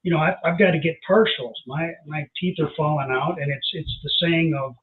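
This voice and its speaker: A plainspoken man called in as an insurance agent guest, explaining his points in a straightforward, practical way. His voice sits a bit higher than most men's. The audio is thin and phone-like, as if he is coming in over a call. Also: fairly quick. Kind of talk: casual chat.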